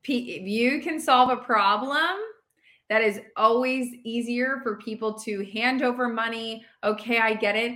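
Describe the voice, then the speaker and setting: A woman's voice: a little high, unhurried, bright, forceful tone. A woman hosting a casual interview chat and explaining her point in a thoughtful way. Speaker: podcast host.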